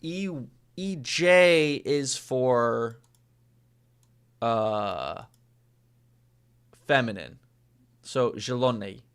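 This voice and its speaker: A young man works through a casual language lesson at a slow, unhurried pace. His voice is bright and forward. He hesitates often and repeats phrases carefully as he practices them. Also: mid-range voice, lively intonation, clear, resonant tone. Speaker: language learner.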